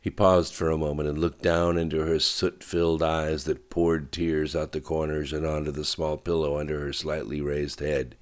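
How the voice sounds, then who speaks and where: Man, very low voice, measured audiobook narration. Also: flat delivery.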